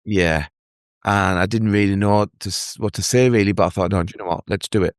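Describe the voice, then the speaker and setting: An earnest man telling his own story as a guest in an interview, halting and restarting as he speaks. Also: fairly low pitch, fairly even intonation, clean tone, dry recording, studio quality. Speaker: guest, mental health advocate. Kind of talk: emotional personal story in an interview.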